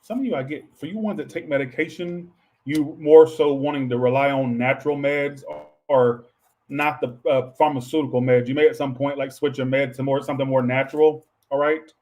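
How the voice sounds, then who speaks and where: A tarot reader talks to his viewers in a casual, rambling, offhand way, swearing often and throwing asides to chat. His voice is medium in pitch and steady, with a darkish tone and a slightly fast pace.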